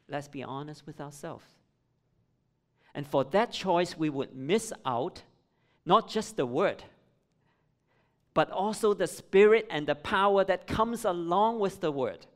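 A male pastor preaches a morning sermon, his voice sitting on the higher side for a man. He poses rhetorical questions to the congregation and builds lists into emphatic rises. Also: animated, unhurried, long pauses.

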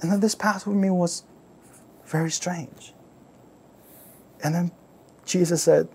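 A man preaching, retelling a story dramatically, repeating phrases and asking listeners to imagine the scene, swinging from loud outbursts to near-whispers. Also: high voice, steady tone, a little slow, creaky, long pauses, a little hiss or hum. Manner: repeats words and phrases for emphasis; asks listeners to imagine, rhetorical questions. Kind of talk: sermon storytelling.

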